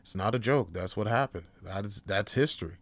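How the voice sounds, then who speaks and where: A man's voice: on the low side, brisk. A man hosting a podcast, talking in a casual, rambling way and ranting with plenty of swearing. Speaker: podcast host.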